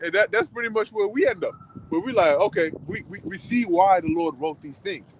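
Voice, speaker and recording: A man's voice: sits high, fairly quick, noisy background. A man in a casual group chat who talks loosely and repeats words as he goes. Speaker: discussion participant.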